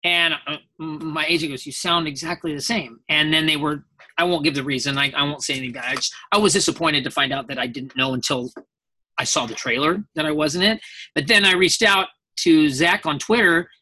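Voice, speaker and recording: A man talks as a guest voice actor in a relaxed interview. His voice is bright and forceful. He rambles through anecdotes and acts out the people he quotes. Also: a little high, fairly quick. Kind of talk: casual interview storytelling.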